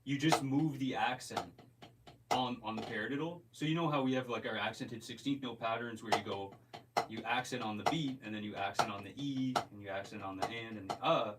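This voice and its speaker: Male drum teacher, casual explainer, mid-pitched, recorded at a distance over heavy clicking. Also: a little fast. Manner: relaxed, explains step by step, counts beats aloud. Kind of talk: casual instructional talk. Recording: distant mic with loud clicking noise.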